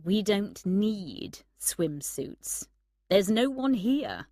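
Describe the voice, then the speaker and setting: A woman reading aloud and voicing an arrogant young man who speaks softly and gently. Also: medium pitch, wildly swooping pitch, extremely slow, no echo, clean studio sound, exaggerated voice. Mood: gentle. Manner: soft, gentle. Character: young man, arrogant, self-centred charmer.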